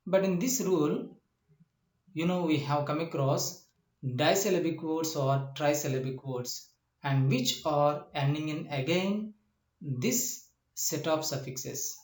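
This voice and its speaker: A man teaching a lesson, explaining step by step, repeating points and often asking whether the listener understands. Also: a little high. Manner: slow, repetitive explanations with frequent "uh" and checking questions. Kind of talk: classroom lecture. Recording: echoey room.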